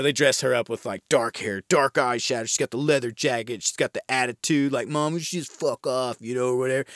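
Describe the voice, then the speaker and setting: A man's voice: medium pitch, a bit bright, no echo, clean studio sound. An American man hosting a horror film podcast, giving a casual, rambling film review and swearing freely.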